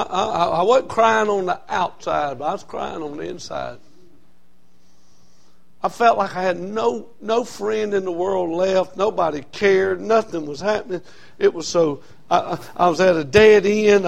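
A man preaching a sermon as a Baptist pastor, telling a story that swings from quiet and low to loud and raised. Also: vocal fry.

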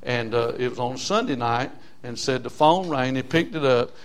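An older man, preaching and telling a story in a sermon, breaking his sentences with repeated fillers. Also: mid-range voice. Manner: halting, with many repeated fillers.

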